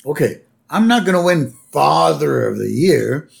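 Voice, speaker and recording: A blundering middle-aged cartoon father stammers and backpedals, as a man puts him on. The voice is gravelly and jumps around in pitch, pitched a little above an average man's. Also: animated, a little slow, full character voice. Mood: flustered. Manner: flustered, stammering excuses.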